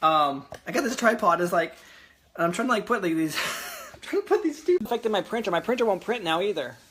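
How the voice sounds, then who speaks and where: This real estate investor's casual video diary, shot at home, has him rambling about a house deal, full of fillers and quick to get frustrated. The young man talks fairly quickly in a high-pitched, very animated, fairly bright voice, with a little hiss or hum in the background.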